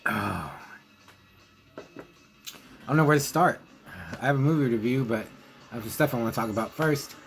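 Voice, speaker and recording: A man's voice: mid-range voice, normal speed, pauses often, fairly bright tone, soft background music, low-quality recording. A man talking casually and hesitantly, rambling with fillers and restarts as he chats and reads out letters from fans. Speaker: zine editor reviewing movies. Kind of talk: casual vlog monologue, reading fan letters.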